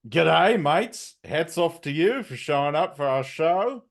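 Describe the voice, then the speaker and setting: A man's voice: fairly high pitch, lively intonation, moderate pace. A sleepy man co-hosting a casual comedy podcast, rambling and self-deprecating, tripping over his words. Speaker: co-host.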